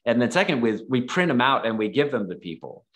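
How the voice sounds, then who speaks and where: A man's voice: medium pitch, big pitch swings, quick pace, a bit bright. A man guest on a podcast, telling stories in a casual, rambling way full of fillers. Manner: rambling, filler-heavy, acts out quoted dialogue. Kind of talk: casual storytelling.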